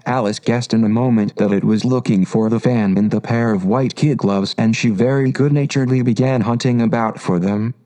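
Man, storybook narrator, mid pitch, measured, unhurried. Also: dark tone, low-quality recording.

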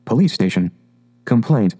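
A man voicing a conceited, car-obsessed male toad who speaks in a dreamy, drawn-out and rapturous way, in a storybook reading. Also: medium pitch, mellow, lightly acted, rough recording.

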